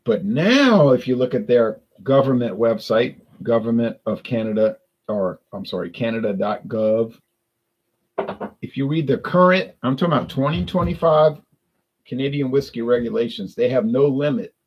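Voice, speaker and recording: A man's voice: mid-range voice, normal speed, breathy edge, lo-fi sound. A man from South Louisiana with a South Louisiana accent, rambling through a casual live-stream chat about drinks with lots of restarts and self-corrections.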